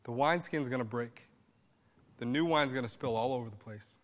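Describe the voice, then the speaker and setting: A man's voice: mid-range voice, fairly quick, long reverb tail. A man pastor preaching a sermon in a conversational style, rising now and then to emphatic bursts.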